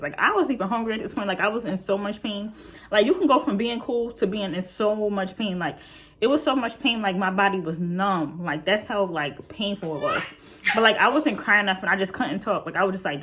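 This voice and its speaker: A chatty young woman tells a casual storytime. Her voice sits at a middle pitch, and she keeps talking straight to her viewers with lots of fillers. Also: lively intonation, moderate pace. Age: young adult. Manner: chatty, frequent fillers, addresses viewers directly. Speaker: vlogger.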